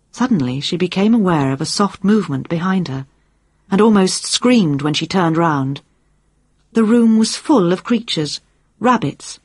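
Husky, low-voiced woman narrating a story. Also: dry recording, studio quality. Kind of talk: audiobook narration.

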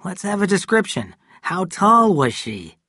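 A stern young lawman, as a male narrator reads him, firing firm, pressing questions. His delivery is slow and slightly husky, recorded close and dry. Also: sits high, big pitch swings, bright, forceful tone, no echo, voice pushed up, exaggerated voice.

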